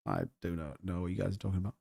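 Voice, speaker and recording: A man's voice: low voice, sing-song, very fast, vocal fry, mellow, slightly rough. A man hosting a casual livestream, joking and bantering as he reads out chat comments. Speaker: crypto livestream host.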